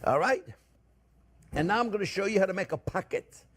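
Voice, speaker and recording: A man's voice: high voice, expressive, a little fast. A man hosting a home cooking demonstration, chatting to viewers as friends and often repeating himself as he shows each step. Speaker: cooking show host.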